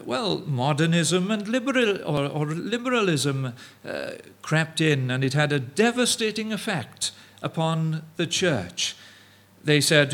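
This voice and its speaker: A man preaching an evening sermon, halting with many fillers and restarts, and mimicking his opponents' views in quoted asides. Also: fairly high pitch, a bit bright.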